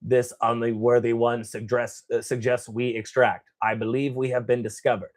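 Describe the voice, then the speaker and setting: A man's voice: mid-range voice, little pitch movement, moderate pace, close to an everyday voice. A man voicing a deferential male robot guard captain in a formal, stiff way.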